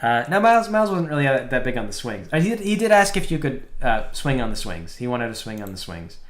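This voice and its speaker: A man talks through his solo game project in a loose live-stream chat, his voice at an ordinary middle pitch. He rambles, restarts and piles on fillers as he tells stories. The room adds a noticeable echo around him. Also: fast talker. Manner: rambling, filler-heavy, animated storytelling.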